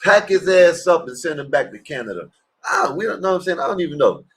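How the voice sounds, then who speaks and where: Husky-voiced man ranting crudely. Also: on the high side, sing-song, fast. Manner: rambling, crude, mocking. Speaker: livestream host reacting to clips. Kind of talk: casual profane reaction commentary.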